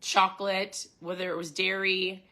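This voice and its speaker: A woman's voice: mid-range voice, flat delivery, normal speed, pushed and bright. A woman hosting a podcast in a casual, enthusiastic talk, speaking straight to her listeners and reading passages from a book. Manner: chatty, enthusiastic, addresses listeners directly. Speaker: podcast host.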